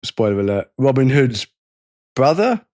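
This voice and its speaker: A man's voice: medium pitch, sing-song, unhurried, darkish tone, no room sound, studio quality. A young man co-hosting a podcast in casual chat, sarcastic, swearing freely and often stumbling over his words. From Britain. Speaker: podcast co-host.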